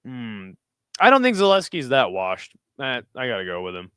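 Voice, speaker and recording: Smooth-voiced man, loose and profane. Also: medium pitch, wildly swooping pitch, moderate pace, sharp tone, no room sound. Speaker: host reading live chat. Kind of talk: casual livestream fight picks.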